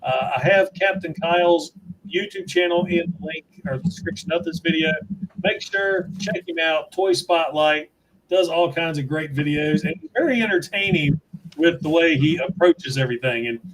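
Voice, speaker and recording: A man from West Virginia hosting a casual livestream, telling chatty stories and cracking dry, dark jokes. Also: a little high, normal speed, a little hiss or hum. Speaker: toy reviewer, livestream host.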